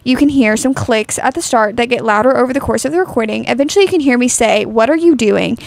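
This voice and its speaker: A woman's voice: a little high, quick pace, vocal fry, no echo. A young woman co-hosting a chatty podcast who rambles with lots of fillers and reads a story aloud. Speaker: podcast co-host. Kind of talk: casual chat, reading a story aloud.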